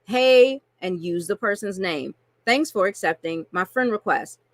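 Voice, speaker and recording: A woman with a medium-pitched, expressive voice coaches online marketers through a screen-share tutorial at an unhurried pace. She is chatty and casual, often checking in with "right?" and "okay?", and the recording is dry.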